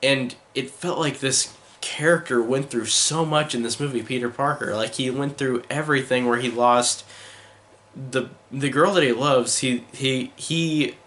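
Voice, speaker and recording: A man's voice: medium pitch, fairly even intonation, unhurried, fairly bright tone. A man giving a casual spoken film review, enthusiastic and rambling, with many fillers like "like" and "um".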